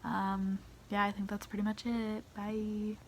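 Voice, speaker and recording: A woman's voice: medium pitch, completely flat delivery, a little slow, a little hiss or hum. A young woman rambling casually and wryly in a vlog. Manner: chatty, rambling, wry. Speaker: vlogger.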